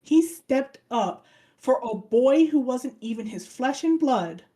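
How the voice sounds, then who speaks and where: High-pitched and slow, this woman co-hosts a relaxed podcast where she animatedly recounts an anime plot. She dramatizes the characters' lines as she tells it.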